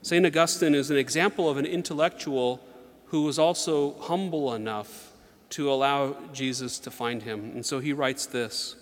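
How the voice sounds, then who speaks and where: A man giving a sermon in an earnest, measured way, reading slowly and with emphasis. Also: mid-range voice. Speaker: preacher. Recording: long hall reverb.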